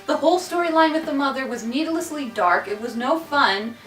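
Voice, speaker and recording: A woman's voice: high-pitched, a little fast, a bit bright, far from the mic, soft background music. A woman reviewing a film in a casual chat, blunt and sarcastic. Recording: roomy, away from mic.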